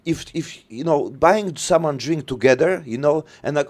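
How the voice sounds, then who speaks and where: A man hosting a podcast in casual conversation, speaking halting non-native English with many fillers. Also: on the high side, lively intonation, darkish tone. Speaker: podcast host.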